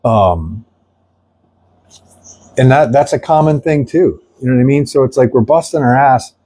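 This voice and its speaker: A man's voice: medium pitch, normal speed, mellow. A middle-aged man from an animal rescue, speaking candidly to camera while grieving and angry, rambling with many fillers and blunt swearing. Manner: earnest, rambling, frequent fillers. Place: sitting with dogs at the rescue.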